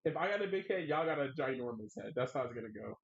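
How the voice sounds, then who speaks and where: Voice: medium pitch, animated, fast. An adult streamer chatting casually while drawing, playfully whining and laughing a lot. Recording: dull lo-fi mic.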